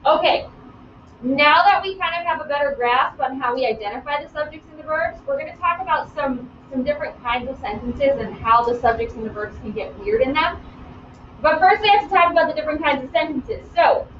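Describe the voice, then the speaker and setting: A woman teaching grammar in a live online class, lively and playful, calling on students by name. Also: high-pitched, slight background noise. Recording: roomy, distant, dull sound.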